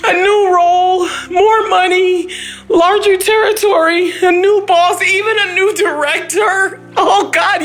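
A woman's voice: very high-pitched, fairly even intonation, a little slow, a bit bright, soft background music. A woman calling in to a prayer line, out of breath and tearfully praising, with exuberant, emotional talk. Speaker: caller. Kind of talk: phoned-in prayer line message.

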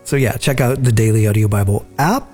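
A man's voice: on the low side, brisk, darkish tone, soft background music. A man hosting a daily podcast, reading out closing announcements in an easygoing way. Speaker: podcast host.

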